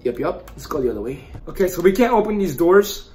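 Jumpy man yelling through a horror game. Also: fairly high pitch, brisk, slight background noise. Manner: jumpy and excitable, yelps at scares then mutters to himself; trash-talks the game with constant mild cursing. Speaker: gaming YouTuber. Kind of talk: let's-play horror game commentary.

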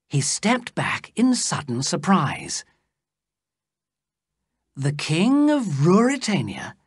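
Woman, storybook narration for learners, lowish voice, very slow, husky, dry close sound. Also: no room sound. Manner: slow, careful and expressive reading. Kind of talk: scripted narration for English learners.

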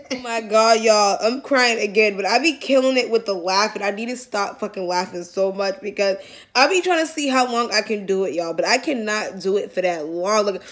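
A young woman from Massachusetts chatting casually on a phone video app, slangy, profane and quick to giggle. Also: medium pitch. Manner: giggly, slangy, profane, talks straight to viewers. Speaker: vlogger.

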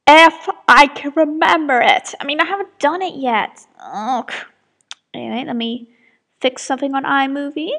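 A woman's voice: high voice, normal speed, vocal fry, fairly bright tone. A woman recording her own audio drama, chatting to herself through blooper outtakes in a self-mocking way, sighing often. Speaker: writer and voice actor of an audio drama.

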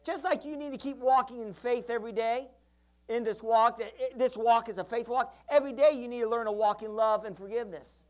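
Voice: mid-range voice, fairly even intonation, fairly quick. A pastor preaching a sermon, telling stories and acting out characters, calling out to the congregation for responses and often restarting mid-phrase. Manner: storytelling, acting out Bible characters; frequent restarts and asides.

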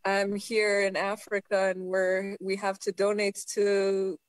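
Slow, deadpan woman on a video call. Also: medium pitch, dry recording. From Eastern Europe. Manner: deadpan, halting, hesitant. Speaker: guest comedian. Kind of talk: casual joking chat.

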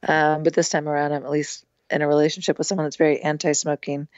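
A hoarse woman, a musician guest on a podcast, rambling casually with lots of filler words. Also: low-pitched, level tone, fast, a little mellow, no room sound, muffled recording. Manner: rambling, lots of "like" and "you know". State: hoarse, losing her voice. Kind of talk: casual interview chat.

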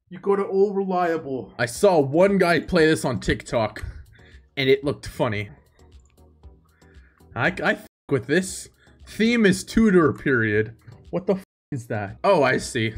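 A young man giving casual, profane gaming commentary in an excitable way, breaking into loud laughter. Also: fairly high pitch. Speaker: streamer.

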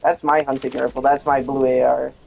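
Gaming channel host, female, low register, frustrated swear-heavy play-by-play. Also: level tone, brisk, vocal fry, darkish tone, slight background noise. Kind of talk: gameplay commentary.

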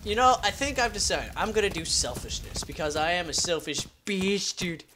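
Excitable young man playing a horror game. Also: sits high, moderate pace, slight background noise. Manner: excitable, yelps and shouts when scared. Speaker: let's play host. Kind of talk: casual horror game commentary.

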